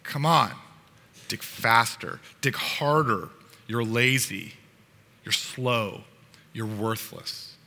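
A man's voice: medium pitch, takes it slowly, pauses often, sharp tone. Brief: man as a barking, contemptuous taskmaster, long reverb. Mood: harsh. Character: harsh, shouting slave master.

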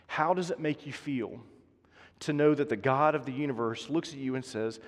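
A man preaching a sermon as pastor, earnest, building to emphatic passages and then falling soft and quiet. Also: medium pitch, normal speed. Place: church sanctuary. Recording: long reverb of a large hall.

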